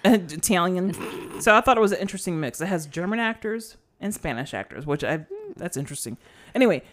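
A woman co-hosting a casual film podcast, talking in a rambling way with many fillers and restarts. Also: on the low side. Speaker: podcast co-host. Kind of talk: casual chat about a film.

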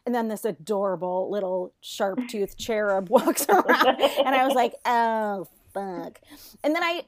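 A fairly high-voiced woman in her thirties, co-hosting a chat podcast and telling a story with big animated swings, loose swearing and frequent laughter. The sound is dry and close, with no room around it. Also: normal speed, dry recording. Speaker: podcast co-host.

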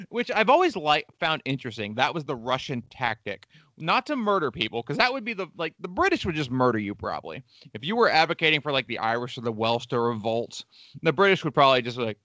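A man's voice: mid-range voice, sing-song, quick pace, pushed and bright, dry recording. A man co-hosting a casual history podcast, telling the story with irreverent jokes and profanity. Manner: irreverent, joking asides with profanity. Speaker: podcast co-host.

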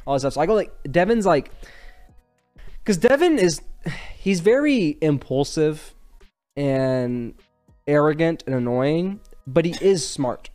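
Casting: young male podcast host, rambling and filler-heavy, slightly higher voice. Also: animated, unhurried, darkish tone, soft background music. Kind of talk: casual chat.

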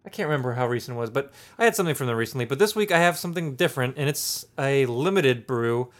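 A man's voice: mid-range voice, animated, fast talker, a bit bright. A man co-hosting a casual beer podcast, jokey and playful in his chat. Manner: jokey, playful, reads labels aloud. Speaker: podcast co-host.

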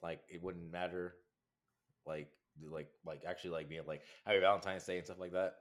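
A young man from California in casual chat, talking in a hesitant, halting way with many restarts. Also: sits low, steady tone.

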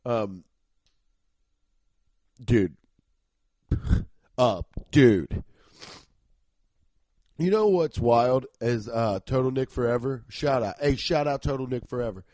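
A man's voice: mid-range voice, slow pace, pauses often, no room sound. Congested man rambling on a comedy podcast. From Cincinnati, Ohio. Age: 30s. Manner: rambling, profane, excitable. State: congested and sniffly from allergies. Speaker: podcast host. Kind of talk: casual comedic monologue.

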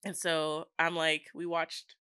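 A young woman, a podcast co-host, telling an animated story in casual chat and acting out the people in it. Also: deep voice, slow, smooth, no room sound, clean studio sound.

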